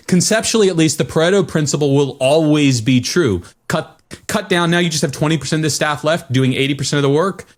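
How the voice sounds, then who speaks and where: A man co-hosting a podcast in a casual discussion, musing aloud, restarting sentences and posing questions. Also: fairly high pitch. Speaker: podcast co-host.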